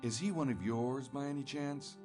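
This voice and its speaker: A man's voice: mid-range voice, moderate pace, over music, lightly acted. A man voicing a sardonic, dogged private investigator in a video game, with an easygoing drawl. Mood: wry.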